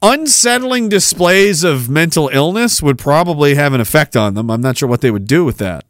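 A male podcast host rants in a sarcastic, mocking tone and laughs at his own jokes. His voice sits a little high. The recording is dry and close. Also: expressive, normal speed, dry recording. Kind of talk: casual ranting commentary.

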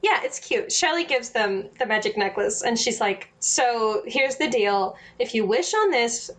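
A woman's voice: a little high, a little slow. A young woman chatting casually, retelling a story with lots of laughter and quoted lines. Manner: giggly, animated retelling with quoted voices. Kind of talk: casual recap chat.

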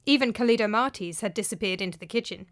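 A woman's voice: medium pitch, quick pace, no room sound, studio quality. A woman narrating a storybook tale expressively. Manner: expressive, animated. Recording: faint background music.

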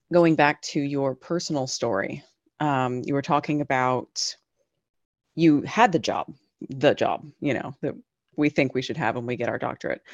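A podcast host asking a guest a question in a halting way, with many ums. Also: mid-range voice, dry recording, highs cut off. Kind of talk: interview questions.

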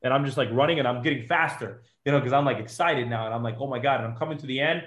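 A man's voice: medium pitch, racing. A man in his thirties, a police officer, telling a personal story with lots of quoted dialogue. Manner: animated retelling with quoted dialogue.

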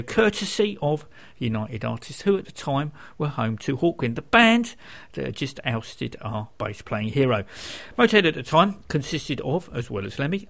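A man's voice: medium pitch, gravelly, fairly bright tone. A man hosting a radio music show, chatting between songs with dry, wry asides.

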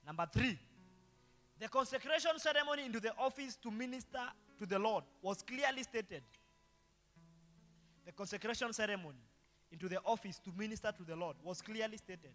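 Male pastor, high bright voice, preaching in a reverberant hall over light guitar. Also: fairly quick. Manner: preaching with rhetorical call-and-response questions. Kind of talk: sermon.

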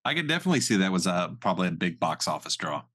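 Laid-back male podcast co-host, lively pitch. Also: very fast. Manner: laid-back, lively intonation, laughs often. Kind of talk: casual movie review chat.

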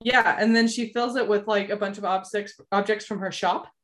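A woman co-hosting a podcast in casual chat, animated and quick to slip into playful impressions. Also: medium pitch. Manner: animated, often slips into a posh drawling impression. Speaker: podcast co-host.

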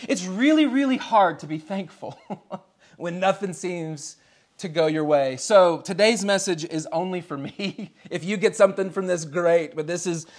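American guy in his 30s preaching, kinda chatty, laughs a bunch, voice sits a bit high. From United States. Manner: chatty, storytelling, chuckles often between phrases. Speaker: pastor. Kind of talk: casual conversational sermon.

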